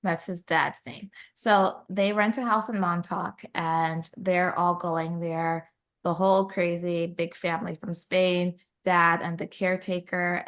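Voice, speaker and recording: A woman co-hosting a book podcast, retelling a story in a lively, animated way and jumping higher to voice characters. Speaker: podcast co-host. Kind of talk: casual book chat.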